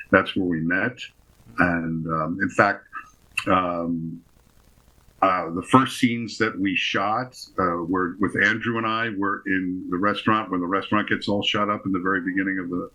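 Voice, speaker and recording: A man being interviewed as a guest actor, rambling through affectionate anecdotes in a relaxed chat. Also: deep voice, breathy edge, poor audio.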